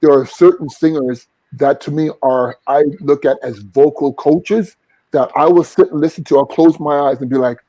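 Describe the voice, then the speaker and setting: A man's voice: fairly high pitch, fairly even intonation, moderate pace, dark tone, no echo, low-quality recording. A man, a singer and vocal coach, talking earnestly as a guest in an interview. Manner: earnest, reflective, sings short vocal examples. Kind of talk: casual interview talk.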